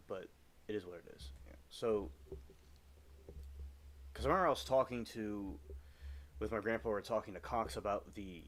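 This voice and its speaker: A man chatting casually on a gaming livestream from home, rambling with halting restarts as he talks over his game. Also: on the low side. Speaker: live streamer.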